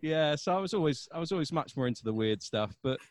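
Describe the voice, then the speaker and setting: A man's voice: on the high side, fast, dry recording. A man in his thirties with a South London accent, a comedian chatting casually and telling stories with frequent laughs. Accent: South London English. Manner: animated storyteller, laughs often. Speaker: stand-up comedian guest. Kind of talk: casual podcast chat.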